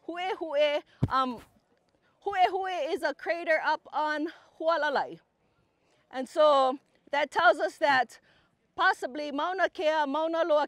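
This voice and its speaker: High-voiced woman teaching a group. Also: no echo. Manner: explains patiently, chants verses in rhythm. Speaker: cultural teacher. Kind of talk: outdoor teaching talk with chanting.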